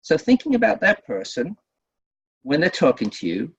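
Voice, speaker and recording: A male workshop presenter talks through his lesson in a lively, rising-and-falling voice and keeps putting questions to his audience. His voice has a husky edge and sits at a middle pitch. The audio is dull and lo-fi, like a recorded webinar. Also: normal speed. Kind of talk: webinar teaching.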